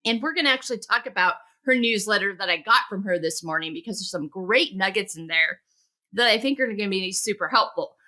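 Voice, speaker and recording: Bright, lively woman podcast host. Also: mid-range voice, a little fast. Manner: animated, rising emphasis on key words. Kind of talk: conversational podcast interview.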